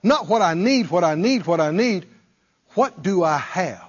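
A man's voice: high-pitched, lively intonation, measured pace, husky, dull audio. A male preacher delivering a dramatic sermon, acting out pleading prayers and firing off rhetorical questions in folksy phrasing.

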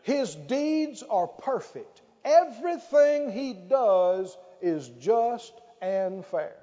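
A male pastor preaches a sermon in a high, very animated voice with a dark tone, emphatically stretching out key phrases and leading the congregation to repeat lines back. The recording is dull and lo-fi with long hall reverb.

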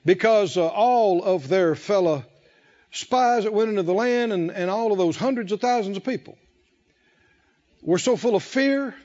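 High-voiced man preaching a sermon. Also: a little mellow, dull audio. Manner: call-and-response preaching, rising and falling emphasis, drawn-out phrases.

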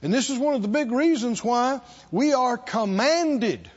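A man's voice: very high voice, lively intonation, unhurried, breathy edge, dull audio. A man preaching a sermon to a church congregation, leading call-and-response and stretching out repeated phrases for emphasis. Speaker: pastor.

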